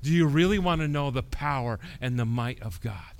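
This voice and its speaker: A man preaching a sermon, swinging from quiet talk to loud preaching and asking the congregation questions. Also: medium pitch, animated, moderate pace. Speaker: pastor.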